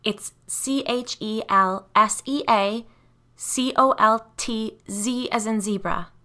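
A woman's voice: a little high, takes it slowly, pushed and bright, pitched above the performer's own voice. A woman voicing a distraught young woman's ghost who pleads urgently and tearfully in an audiobook-style story. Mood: earnest.

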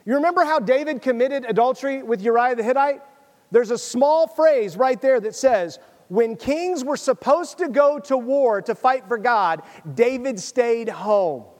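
A man's voice: very high voice, lively intonation, unhurried, in a large hall. A man preaching a sermon, reading scripture aloud and then pressing his listeners in a conversational, urgent way. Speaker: pastor.

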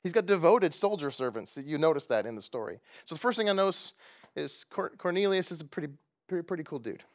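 Animated, laughing male pastor preaching. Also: a little high, fast. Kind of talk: sermon. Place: church gathering.

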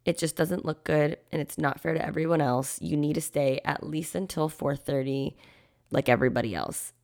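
A young woman hosting a podcast, candidly retelling a personal story in an animated way, with quoted asides and lots of "like". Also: sits low, normal speed, vocal fry. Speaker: podcast host.

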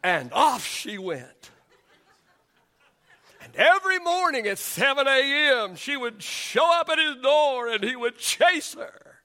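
A middle-aged man preaches to his congregation, his voice sitting unusually high for a man. The tone is bright and ringing, and he repeats phrases and lifts into shouts to drive each point home. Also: sing-song, slow pace. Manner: repeats words and builds to shouts on key lines. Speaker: pastor. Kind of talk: sermon.

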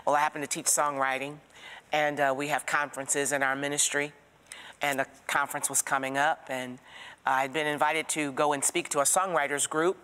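A woman teaching a Bible study, telling stories in an expressive, preacherly way and asking the listener direct questions. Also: low-pitched, fairly quick, smooth, long reverb tail.

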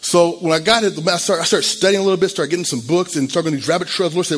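Man in his fifties, husky voice, a bit high, earnest heartfelt sermon, stumbling restarts. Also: rapid-fire, few pauses. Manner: earnest, emotional testimony with many restarts. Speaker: pastor.

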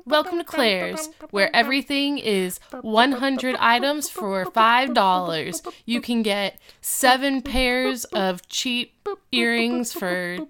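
A woman's voice: on the high side, expressive, slow, fairly bright tone. A woman putting on an upbeat, salesy voice as a store ad announcer in a parody ad. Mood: peppy. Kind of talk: parody radio ad.

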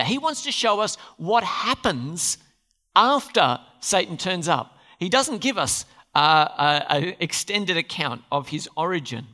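A man preaching a sermon in a church, with a bright, ringing tone. His pitch swings widely as he throws questions at the congregation and answers them himself. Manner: animated, asks the congregation questions. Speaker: pastor.

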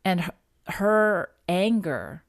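A woman recounting a personal story in conversation, reflective and halting, often restarting her sentences. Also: lowish voice, sing-song, dry recording, studio quality. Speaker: podcast guest sharing a personal story.

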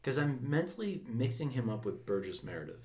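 A man's voice: mid-range voice, big pitch swings, a little fast, darkish tone. A man co-hosting a podcast, chatting casually and joking about films. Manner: joking, talks over his partner. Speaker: podcast co-host. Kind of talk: casual chat.

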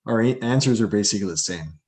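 A man with a husky, fairly low voice co-hosts a podcast. He chimes in with short, encouraging replies. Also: expressive, fast, darkish tone. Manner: brief, affirming replies.

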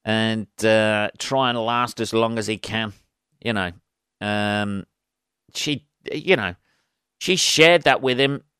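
A man hosting a comedy podcast, rambling through crude tangents. He talks with a smooth, clear tone at a middling pitch. The sound is dry and close to the mic. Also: fairly bright tone, no room sound. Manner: crude, rambling, laughs at his own jokes. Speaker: podcast host. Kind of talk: solo comedy podcast monologue.

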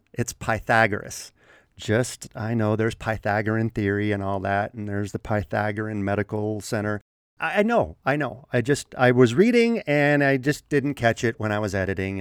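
A man hosting a solo opinion podcast, his pitch rising and falling a great deal as he talks. He rambles, laughs at himself, then slows down and leans hard on his points. The recording is dry and close, with no room sound. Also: dry recording. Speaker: podcast host.

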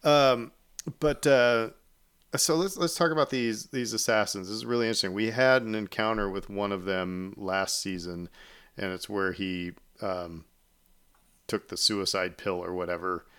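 A man's voice: fairly low pitch, fairly even intonation, normal speed, fairly bright tone, clear, resonant tone. A man hosting a podcast, chatting casually and rambling with many fillers and restarts. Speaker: podcast host. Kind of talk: casual chat.

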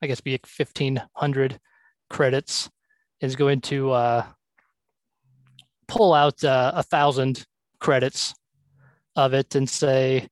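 A man's voice: mid-range voice, level tone, slow pace, long pauses, no room sound. A man playing in a tabletop game, chatting casually and describing his character's actions. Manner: casual, slips into character lines. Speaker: player.

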